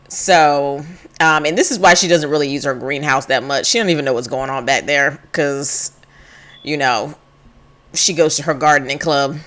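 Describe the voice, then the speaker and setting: A woman with a low voice narrates a life-sim game in a loose, rambling style. She giggles often and fills her talk with ums and likes. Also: fairly even intonation, measured pace, pauses often, fairly bright tone. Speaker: let's play host. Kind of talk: casual game commentary.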